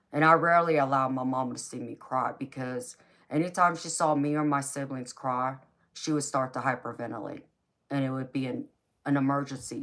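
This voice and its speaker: A woman's voice: a bass voice, a bit bright. A woman hosting a tarot livestream, telling a personal story in an earnest, emotional way, often stumbling over repeated starts. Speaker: tarot reader hosting a live stream.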